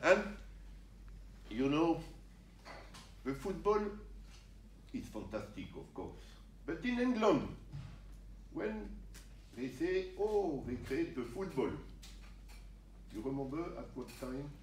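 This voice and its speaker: An older man from France with a French accent, giving an animated, jokey talk to referees in broken English. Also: fairly high pitch, slow, long pauses, a little hiss or hum. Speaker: guest speaker. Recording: roomy sound from a distance, faint ambience.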